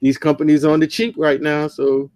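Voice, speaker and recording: A man co-hosting a podcast, chatting casually in a relaxed, rambling way with many fillers. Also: fairly high pitch, moderate pace. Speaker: podcast co-host. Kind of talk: casual chat.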